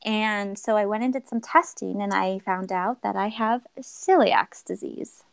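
A woman's voice: mid-range voice, measured pace, vocal fry, clear, resonant tone, dry recording. A young adult woman sharing a personal story as a podcast guest, acting out quoted dialogue and laughing often. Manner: expressive, acts out quoted dialogue.

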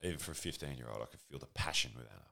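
An Australian man in his forties with a bottomless, rumbling bass voice spins a casual comedic anecdote. He rambles, swears freely and pokes fun at himself as he goes. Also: rapid-fire, creaky, bright, forceful tone. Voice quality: extremely deep voice. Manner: rambling, profane, self-deprecating storytelling.

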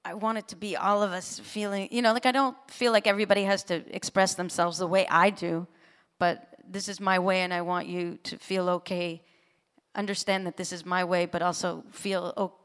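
An expressive woman musician talks in an interview, her voice sitting on the low side. Long hall reverb trails each phrase. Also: normal speed. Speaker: musician guest. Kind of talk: interview conversation.

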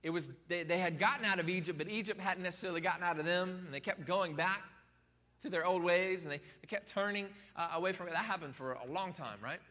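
A man preaching a sermon in a lively, folksy way, acting out the people in the story. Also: high voice, quick pace. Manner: animated, acts out quotes of people, folksy. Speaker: pastor. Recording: reverberant hall.

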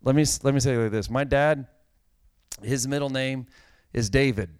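A middle-aged pastor delivers a conversational sermon, his storytelling growing more animated and laced with a dry joke. His voice sits at medium pitch with a moderate pace and clean tone. There's no room sound.

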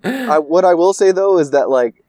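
A man's voice: sits high, animated, moderate pace, mellow, dry recording. A young man in casual chat, rambling and swearing through a story recap full of filler words. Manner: rambling, profane, lots of filler "like".

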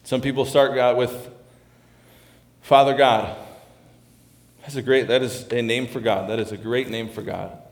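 Earnest pastor preaching in an echoey room. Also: male voice, mid-range voice, steady tone, a little fast, vocal fry, hardly any pauses, a little mellow. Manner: earnest, repeats and restarts phrases. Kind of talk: sermon. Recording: roomy echo.

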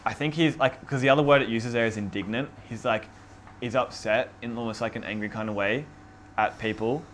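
A man's voice: mid-range voice, a little fast, slight background noise. Chatty man teaching scripture casually. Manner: relaxed and chatty, with many fillers. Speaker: youth group or Bible study leader.

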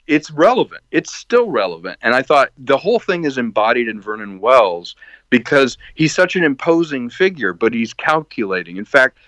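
A man, a filmmaker being interviewed, telling stories in a lively way and acting out the lines of people he quotes. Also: medium pitch, moderate pace, no room sound. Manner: animated storyteller who acts out quoted lines. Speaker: filmmaker guest. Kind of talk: casual interview. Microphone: video call. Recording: dull lo-fi call audio.

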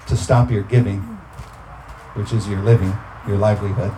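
A man's voice: lowish voice, steady tone, moderate pace, background noise. A man preaching a sermon, talking through scripture in a conversational way and breaking into emphatic bursts.

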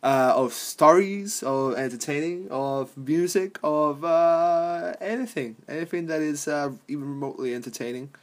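A man's voice: a little high, normal speed, few pauses. A young adult man hosting a podcast, rambling casually and swearing, laughing often between thoughts. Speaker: podcast host.

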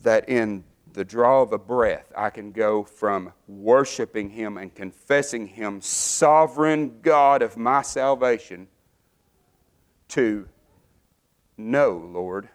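A middle-aged man preaching a sermon, fervent, his voice climbing higher and louder as he builds. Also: takes it slowly.

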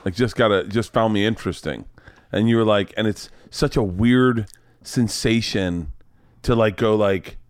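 A man's voice: fairly low pitch, moderate pace, no room sound. A man from the Southern US hosting a podcast, talking in a loose, playful and blunt way, with some swearing. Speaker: podcast host. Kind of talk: casual chat.

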